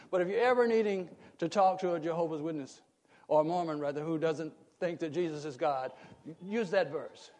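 A preacher man with a very high voice delivers a sermon with strong emphasis. He puts questions to his listeners, and his voice climbs into forceful shouts on key points. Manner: asks the congregation questions and rises to emphatic shouts. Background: congregation calling out responses.

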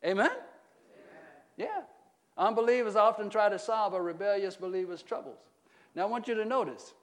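Middle-aged pastor guy preaching, high voice, keeps asking the crowd "right?", gets loud then drops real low. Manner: call-and-response preaching, asks the congregation questions; swings between loud emphatic peaks and low quiet stretches. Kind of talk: sermon.

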